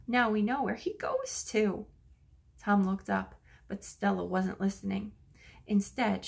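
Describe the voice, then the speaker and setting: A woman reading a children's storybook aloud as narrator, slipping into soft whispers for hushed lines. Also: mid-range voice, vocal fry. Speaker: audiobook narrator.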